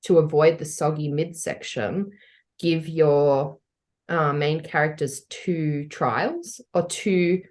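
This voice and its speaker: A woman's voice: low voice, slow pace, darkish tone. An Australian woman co-hosting a podcast, chatting casually and playfully with colorful slang. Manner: bubbly and playful, full of slang and colorful turns of phrase. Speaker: podcast co-host. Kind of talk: casual chat.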